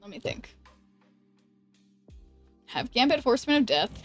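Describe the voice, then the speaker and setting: Woman game streamer, slightly high pitch, casual think-aloud commentary to chat, soft music bed. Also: big pitch swings. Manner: thinks aloud, halting restarts, chats with viewers. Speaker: streamer playing a card game.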